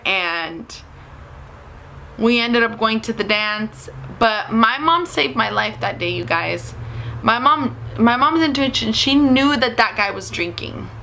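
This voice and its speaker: A chatty young woman telling a storytime vlog with a fairly high, bright, clear voice. She jumps between voices as she acts out what everyone said. A faint hum of room noise sits behind her. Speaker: vlogger. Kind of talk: casual storytime chat.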